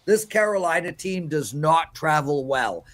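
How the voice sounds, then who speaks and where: A man's voice: on the high side, lively intonation, measured pace, fairly bright tone. A man giving emphatic, preachy sports betting picks on a live show.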